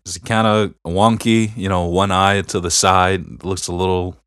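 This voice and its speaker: A middle-aged man with a deep, low voice talks in a casual podcast chat. He tells family stories earnestly, rambling a little and leaning on fillers. The sound is dry and close, with no room around it. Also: little pitch movement, moderate pace, a bit bright, smooth, no room sound. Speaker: podcast co-host.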